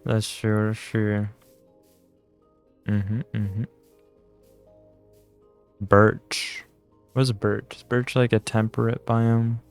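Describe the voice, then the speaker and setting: A man's voice: on the low side, flat delivery, very slow, pauses often, clean tone, faint music behind. A tired young man chatting casually while playing a game, rambling and self-deprecating. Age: young adult. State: tired, yawning. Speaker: gaming channel host. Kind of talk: casual gameplay commentary.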